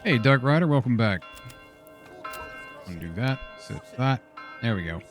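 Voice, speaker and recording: A man's voice: medium pitch, lively intonation, a little slow, faint music behind. A man streaming a game, chatting casually and muttering exasperated questions to himself as he plays. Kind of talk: casual gameplay commentary.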